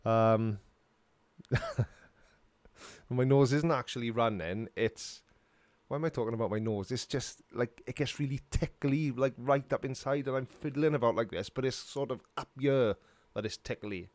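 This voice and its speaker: A man's voice: medium pitch, a little slow, a little mellow, dry recording. A middle-aged Welsh man hosting a casual live stream, rambling and joking while answering chat questions from his home studio. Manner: rambling and jokey, laughs often.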